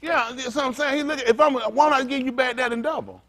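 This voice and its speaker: A man's voice: very high voice, fairly even intonation, fairly quick, sharp tone. A man preaching a sermon as pastor, talking straight to his congregation in a joking, conversational way. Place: synagogue congregation.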